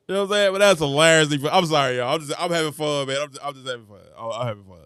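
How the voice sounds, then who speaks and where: A man hosting his own show, giving casual sports commentary in an animated way, laughing often and repeating himself. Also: on the high side, racing, few pauses, clear, resonant tone, no room sound, clean studio sound. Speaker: show host.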